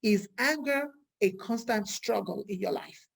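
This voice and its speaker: Woman, vlogger, raspy, gravelly, casual talk, lively delivery. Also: mid-range voice, measured pace. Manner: lively, rhetorical questions, acts out quoted speech.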